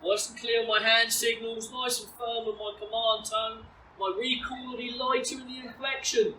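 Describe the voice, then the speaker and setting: A woman teaching puppy recall outdoors, explaining calmly and switching to high, bright praise when she calls the dog. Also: normal speed. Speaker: dog trainer. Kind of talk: outdoor training demonstration. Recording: roomy, distant, faint ambient noise.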